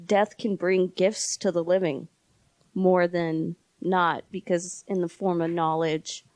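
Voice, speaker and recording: A woman hosts a casual interview podcast and tells her stories with lively energy, slipping into little voices for the people she quotes. The sound is close and dry, with almost no room echo. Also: on the low side, slow pace. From lives in New Mexico. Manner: animated storyteller, acts out quoted voices, laughs often. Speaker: podcast host.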